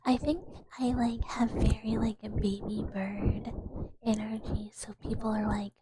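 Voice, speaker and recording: A woman streaming ASMR in whispered role-play, rambling in a soft, self-deprecating whisper. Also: mid-range voice, steady tone, unhurried, heavy background noise.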